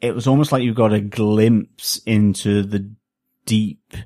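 Low-voiced man rambling through a review. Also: fairly even intonation, unhurried, warm tone. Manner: rambling, hesitant, chuckles often. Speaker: podcast co-host. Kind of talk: casual review chat.

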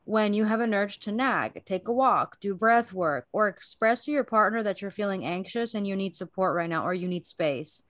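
A woman's voice: mid-range voice, normal speed, hardly any pauses, no echo. Young woman, podcast co-host, casual chat, candid, swears a lot, dry close sound. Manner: candid, swears freely, animated storytelling.

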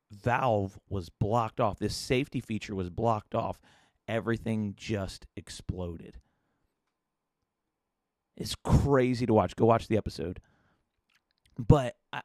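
A man's voice: medium pitch, darkish tone, dry recording, clean studio sound. A man hosting a solo podcast episode, talking in an earnest, reflective way and often restarting his sentences. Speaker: podcast host.

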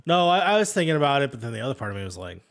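Brief: male co-host, casual and blunt, swears often, video call chat, steady mid voice. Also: mid-range voice, racing, gravelly. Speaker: podcast co-host.

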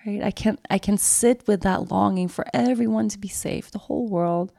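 A woman podcast host telling a personal story in a soft, confessional way, often dropping to a whisper and repeating phrases. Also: medium pitch, normal speed, gravelly, no echo, studio quality. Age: adult with a daughter.

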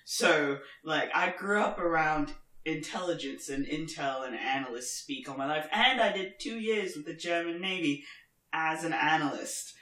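A woman in casual podcast chat, animated and ranting, swearing freely and laughing often. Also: low-pitched, moderate pace, roomy sound. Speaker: podcast co-host.

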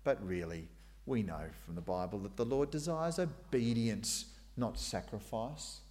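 A man's voice: on the low side, animated, unhurried, a little mellow. A middle-aged man preaching a sermon, dramatizing God's questions with sudden raised, emphatic lines.

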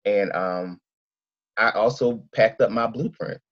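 Husky, low-voiced Philly man. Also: takes it slowly. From Philadelphia. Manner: rambling, animated storytelling with acted-out quotes. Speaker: guest. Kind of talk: casual interview chat. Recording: dull lo-fi sound.

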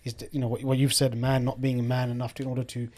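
A man hosting a casual discussion, speaking in a measured way as he sums things up. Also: mid-range voice, completely flat delivery, a little mellow.

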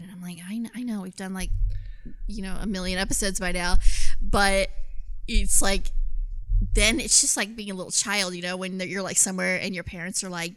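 A woman co-hosting a podcast with a bright, clear voice that sits in a middle pitch range. She chats casually and playfully, teasing her co-host and laughing easily. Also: normal speed. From United States. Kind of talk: casual chat.

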